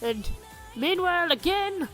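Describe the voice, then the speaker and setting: A woman's voice: very high-pitched, lively intonation, unhurried, a bit bright, faint music behind. A young woman casually retelling a tabletop game session with rambling, self-mocking, crude humor, recorded on a cheap home microphone. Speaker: storyteller recounting a tabletop game. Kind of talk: casual narrated storytelling.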